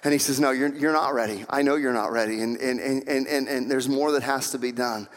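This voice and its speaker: A man's voice: medium pitch, steady tone, a little fast. A man preaching a sermon as pastor, acting out quoted voices and building to fervent emphasis. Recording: long hall reverb.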